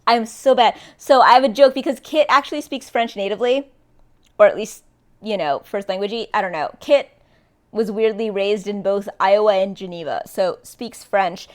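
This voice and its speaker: A woman's voice: mid-range voice, moderate pace. A woman streaming live, chatting casually and rambling playfully, a little tipsy, breaking into snatches of song.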